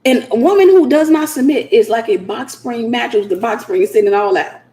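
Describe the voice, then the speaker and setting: Animated high-pitched woman preaching, echoey. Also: a little fast. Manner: animated, laughing asides, repeats phrases for emphasis. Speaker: host. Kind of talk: preaching livestream talk.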